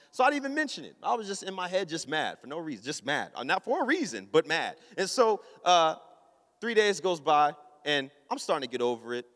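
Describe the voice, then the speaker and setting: A man preaches in a storytelling style, voicing his own thoughts and his wife's answers as he goes. His voice sits high and jumps all over the place. The sound carries a long reverb, as if he is in a large hall. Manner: animated, acts out his own inner voice and his wife's. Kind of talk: storytelling sermon.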